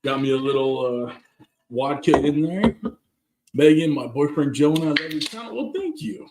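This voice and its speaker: A man's voice: fairly high pitch, normal speed, echoey room, background noise. Laid-back man hosting a live stream. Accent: Southern Californian. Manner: relaxed, greets chat viewers by name. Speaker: cooking channel host. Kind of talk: casual live-stream chat. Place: backyard, outdoors.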